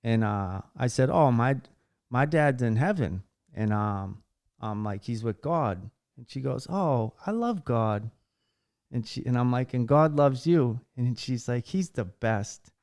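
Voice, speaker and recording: Smooth-voiced man rambling on a podcast. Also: mid-range voice, measured pace, darkish tone, no room sound, studio quality. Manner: rambling, heartfelt, swears casually; many fillers and restarts while storytelling. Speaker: podcast host. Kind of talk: casual podcast chat.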